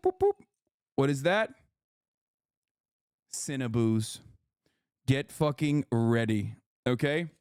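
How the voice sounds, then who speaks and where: A man live-streaming to his chat, emphatic and profane, often checking in with a quick question. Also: a little high, no room sound, clean studio sound. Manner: emphatic, profane, keeps asking "okay?". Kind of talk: livestream chat.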